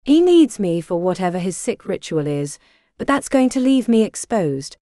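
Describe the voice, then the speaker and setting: A woman's voice: medium pitch, very animated, normal speed, warm tone, no room sound, studio quality, lightly acted. A woman reading the part of a brave young female mage student in an audiobook. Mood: earnest.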